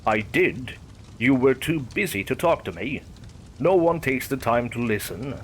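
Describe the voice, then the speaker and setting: A man's voice: mid-range voice, animated, unhurried, a little hiss or hum, lightly acted. A man voicing a cheerful, teasing male kidnapper who buries people alive, talking in a careless, matter-of-fact way.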